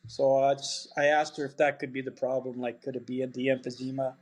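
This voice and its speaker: A man's voice: medium pitch, flat delivery, brisk. A man, a podcast guest telling a story in a chatty, blunt way and laughing along. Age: 70s. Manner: chatty, blunt, swears freely, laughs through stories. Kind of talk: casual storytelling.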